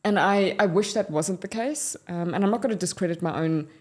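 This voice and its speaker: A South African woman co-hosting a podcast in a candid, conversational way. Her voice sits a little low. She talks with frank, measured openness about what she has lived through. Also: slightly rough. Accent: South African English. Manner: frank and measured, speaking from personal experience. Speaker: podcast co-host.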